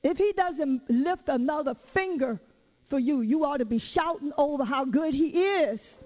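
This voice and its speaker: High-pitched, animated Southern woman preaching. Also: measured pace. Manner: animated, call-and-response, playful storytelling. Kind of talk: sermon.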